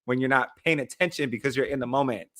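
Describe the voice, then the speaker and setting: A man's voice: mid-range voice, fast talker, a bit bright, no room sound, studio quality. Frank, chatty man in his thirties. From United States. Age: 30s. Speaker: podcast co-host. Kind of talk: casual chat.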